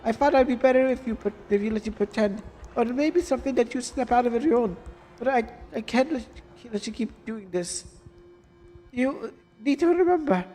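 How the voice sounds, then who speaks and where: Guy doing a high distraught game mom w/ a fake accent, pleading all over the place. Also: expressive, a little fast, warm tone, long reverb tail, faint music behind. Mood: desperate. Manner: voice raised high, put-on foreign accent. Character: distraught pleading middle-aged mother.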